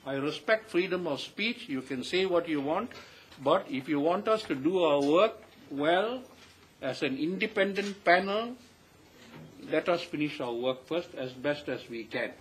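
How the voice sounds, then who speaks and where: An older man with a Malaysian English accent, giving a measured, emphatic statement to the press and repeating his key points. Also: fairly high pitch, animated, a little hiss or hum, poor audio. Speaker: panel member addressing the press.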